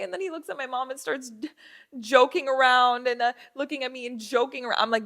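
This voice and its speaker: A woman's voice: mid-range voice, a little fast. A young woman hosting a podcast, telling a casual story with lots of fillers and restarts, acting out the people in it. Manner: animated, acts out dialogue, many fillers and restarts. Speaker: podcast host.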